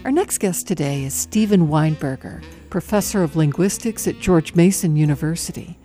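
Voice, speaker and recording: A woman with a fairly low, mellow voice hosts a radio program, moving from a read introduction to curious questions for her guest. Faint music sits under her voice at times. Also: expressive, normal speed. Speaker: radio show host, interviewer.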